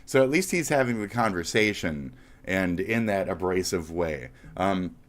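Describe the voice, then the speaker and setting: A man's voice: deep voice, animated, unhurried. Profane, ranting man. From United States. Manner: profane, heated ranting with mocking asides. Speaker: streamer. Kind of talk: live-stream commentary rant.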